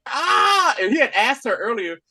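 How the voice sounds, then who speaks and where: Man, podcast co-host, casual spoiler chat, lively swooping pitch, bright tense tone. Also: normal speed. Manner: animated storytelling, acts out characters' lines.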